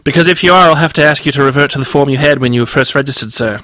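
A man's voice: mid-range voice, rapid-fire, bright, forceful tone, no echo, voice pushed up, lightly acted. A man reading aloud and voicing a businesslike woman who is chief hostess, clipped and exasperated. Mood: stern, polite.

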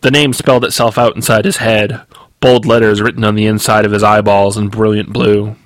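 A man, the author, reading his novel aloud in steady, measured audiobook narration. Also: fairly low pitch, no echo.

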